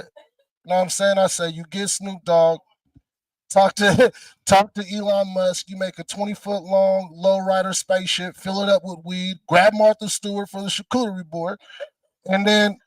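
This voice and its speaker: A man's voice: high-pitched, no room sound, recorded from a distance. A man, a comedian, riffing loosely and slangily, laughing through his jokes. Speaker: comedian guest. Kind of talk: casual comic riffing.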